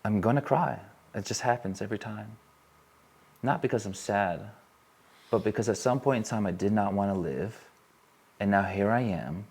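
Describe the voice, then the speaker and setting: Earnest low-voiced man speaking on stage. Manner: earnest, repetitive, builds intensity then softens. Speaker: workshop speaker. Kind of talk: emotional live talk to an audience. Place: on stage before a live audience.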